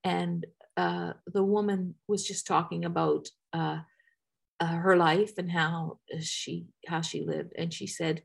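A woman's voice: on the low side, steady tone, takes it slowly, vocal fry, husky. A middle-aged woman from Newfoundland, with a light Newfoundland accent, talking earnestly in a casual interview with many fillers and restarts. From Newfoundland, Canada. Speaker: guest.

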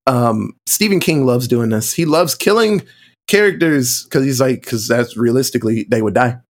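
A man in casual movie-podcast chat, telling stories with lively quoted voices. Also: mid-range voice, moderate pace. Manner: animated storytelling, acting out quotes in shifting voices. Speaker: podcast co-host or guest.

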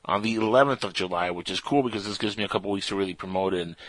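A man's voice: low voice, racing, a bit bright, dry recording, rough recording. A man hosting a radio show, chatting in a playful, goofy and rambling way. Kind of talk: casual radio banter.

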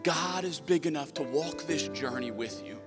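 A man with a Southern US accent preaching a sermon, surging to loud emphatic peaks and dropping low for quoted asides. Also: normal speed, big-room sound, music in the background. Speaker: pastor.

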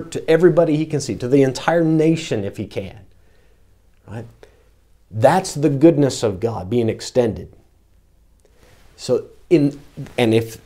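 Man, preacher, sermon, emphatic, repeats words, mellow tone. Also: medium pitch. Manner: emphatic, repeats words, reads verses slowly. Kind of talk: expository sermon.

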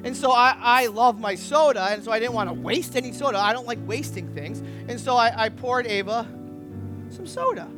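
A man's voice: very high-pitched, moderate pace, over music. A pastor giving a sermon. He tells a candid personal story with self-deprecating humor and speaks earnestly about confession. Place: church service.

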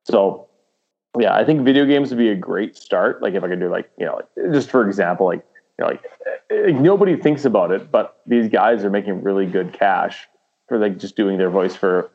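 A man talks loosely and rambles, circling back over his words with plenty of fillers. His voice sits fairly low, and the recording sounds dull and lo-fi. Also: animated, normal speed, vocal fry, a little mellow. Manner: rambling, with many fillers and restarts, slipping into impressions. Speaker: podcast guest, aspiring voice actor. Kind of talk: casual chat.

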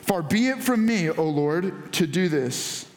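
A man's voice: high voice, expressive, unhurried, echoey room. A man preaching a sermon, telling a scripture story in a conversational way and acting out the people in it. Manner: conversational storytelling with voiced asides. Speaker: pastor.

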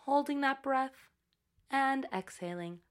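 Slow, calm woman coaching breath. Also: high-pitched. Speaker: voice instructor. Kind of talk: guided breathing and voice exercise.

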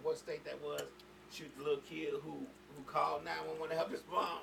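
A man's voice: on the high side, flat delivery, fairly quick, vocal fry, recorded from a distance. A man co-hosting a podcast, tossing in short reactions and questions in casual chat. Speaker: podcast co-host. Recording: noisy podcast recording with clicks.

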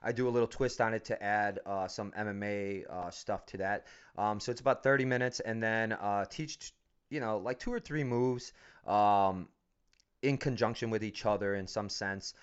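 A man's voice: fairly low pitch, moderate pace, smooth, highs cut off. A man who coaches fighters, chatting casually and profanely, telling stories with frequent laughs. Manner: profane, storytelling, laughs often. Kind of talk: casual podcast chat.

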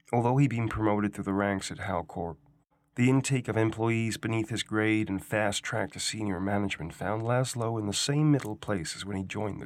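A man reading a science-fiction short story aloud as guest reader, in a measured, unhurried storytelling style, on a close studio mic. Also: fairly low pitch, no room sound. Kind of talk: scripted narration.

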